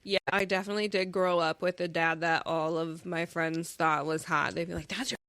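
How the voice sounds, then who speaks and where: A woman in casual conversation with a somewhat low voice, thoughtful and easygoing as she recounts family stories. The recording is dry and close, with no reverb. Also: moderate pace, clean tone. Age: adult parent. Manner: relaxed, reflective storyteller. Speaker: podcast guest. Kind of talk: casual chat.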